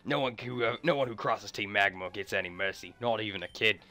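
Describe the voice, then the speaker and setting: A man's voice: fairly low pitch, steady tone, fairly quick, sharp tone. A man doing a cocky gangster villain grunt. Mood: menacing. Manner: threatening, cocky taunts. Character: tough male villain grunt, mock gangster.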